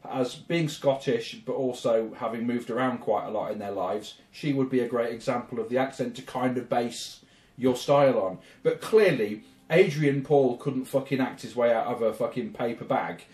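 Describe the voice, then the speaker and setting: A man's voice: mid-range voice, moderate pace, darkish tone, reverberant. A man co-hosting a movie commentary podcast, ranting bluntly and swearing freely. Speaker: podcast co-host.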